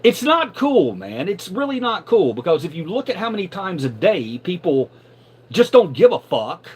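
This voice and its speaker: Middle-aged man, casual live-stream storyteller; lively, slightly high voice, profane, stammers when worked up. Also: moderate pace, husky. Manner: animated, profane, repeats words when riled.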